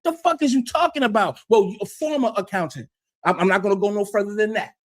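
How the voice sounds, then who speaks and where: Combative high-voiced host, cursing freely. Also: male voice, fast. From United States. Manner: profane, combative, repeats himself. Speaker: livestream host. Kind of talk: heated livestream rant.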